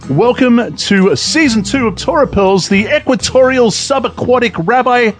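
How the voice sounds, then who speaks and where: A man's voice: very high voice, animated, moderate pace, faint music behind. An enthusiastic man hosting an online talk show, repeating phrases for emphasis. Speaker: podcast host.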